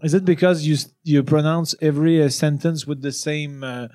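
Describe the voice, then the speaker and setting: A Quebec French man hosting a relaxed podcast in English, his voice pitched fairly high. He searches for words with lots of pauses and laughs easily. The talk is loose and friendly. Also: no room sound, clean studio sound. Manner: halting, laughs often, many hesitations. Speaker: podcast host. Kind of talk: casual chat.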